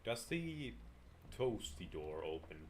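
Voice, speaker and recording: A man's voice: on the low side, very animated, slow pace, a little mellow, slight background noise. A man streaming a video game live, chatting with dry, sarcastic, rambling asides. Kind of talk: live gameplay commentary.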